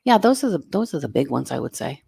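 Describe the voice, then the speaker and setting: Middle-aged woman, casting director type, low gravelly voice, blunt and emphatic, dry close sound. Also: big pitch swings, quick pace, dark tone, no echo. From Canada. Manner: frank, emphatic, plain-spoken advice. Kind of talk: casual interview answers.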